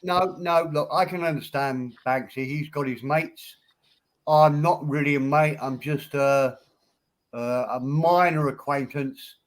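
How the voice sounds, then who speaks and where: A man with a voice a little higher than most men's talks in a rambling, self-deprecating way. He sounds apologetic and keeps starting over. It is casual livestream chat. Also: measured pace.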